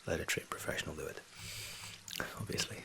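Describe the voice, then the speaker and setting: A man in his thirties, born in England and raised in Scotland, hosting a soft-spoken ASMR Q&A from a home setup on a condenser mic. He talks in a soft, low-key way and often drops into whispers. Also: a little fast, a little hiss or hum. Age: 30s. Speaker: ASMR channel host. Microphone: USB condenser mic.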